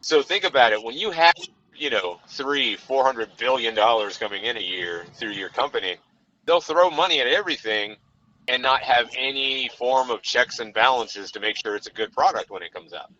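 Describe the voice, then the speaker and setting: A man's voice: mid-range voice, expressive, normal speed, pushed and bright. A man co-hosting a casual film chat from his car, rambling with lots of fillers. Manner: rambling, frequent "you know" fillers. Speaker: podcast co-host. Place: in a car while driving. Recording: dull lo-fi sound with faint background noise.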